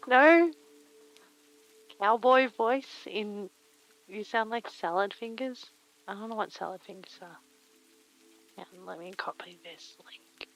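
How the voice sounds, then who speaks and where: A woman's voice: medium pitch, a little slow, creaky, fairly bright tone, low-quality recording. A woman streamer chatting casually while she crafts, murmuring to herself and reading chat aloud on a very sensitive close mic.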